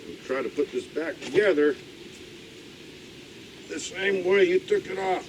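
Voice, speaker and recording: A man's voice: high voice, a little slow, a little hiss or hum, poor audio. Older man, folksy backyard DIY talk. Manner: folksy, grumbling, talks to himself while working. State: out of breath at times. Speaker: DIY video host. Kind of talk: casual how-to vlog narration. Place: outdoors by a backyard pool.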